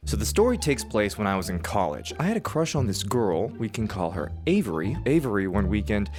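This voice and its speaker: A man in his twenties telling a personal story in an animated, self-mocking way. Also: on the low side, a little fast, music in the background. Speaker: vlogger.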